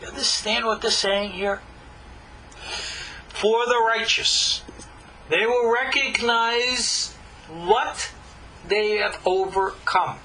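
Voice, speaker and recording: Slow, animated, bright-voiced man lecturing. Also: high voice, a little hiss or hum, poor audio. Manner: emphatic, with long dramatic pauses; rhetorical questions to the listener. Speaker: rabbi teaching a class. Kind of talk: Torah lecture.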